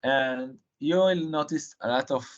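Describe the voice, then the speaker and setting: A man presenting a live technical software demo, halting and filling pauses with frequent uh and um. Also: mid-range voice. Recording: dull lo-fi stream audio.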